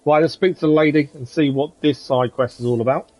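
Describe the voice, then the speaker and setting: A man's voice: a little high, steady tone, brisk, darkish tone, no room sound. A man hosting a live gaming stream, chatting casually with viewers and commenting on the game. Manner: chatty, friendly, reads chat aloud, says "to be fair" often.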